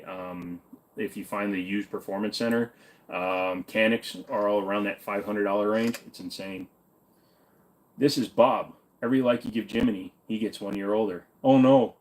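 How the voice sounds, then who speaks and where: Casual male streamer with a lowish voice, reads chat questions and answers offhand, jokey and cursing a bit. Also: darkish tone. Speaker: livestream host answering chat.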